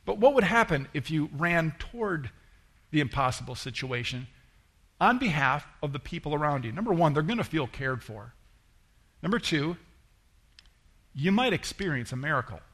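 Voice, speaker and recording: Male pastor, middle-aged, slightly high voice, relaxed storytelling sermon delivery with acted-out quotes. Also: normal speed, pauses often, husky. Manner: conversational, acts out quoted voices with rising pitch.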